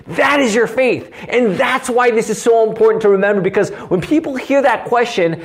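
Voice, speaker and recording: Pastor, man, fairly high voice, earnest teaching delivery, keeps asking "right?". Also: brisk, few pauses. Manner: earnest, animated, often asks "right?". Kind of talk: teaching sermon.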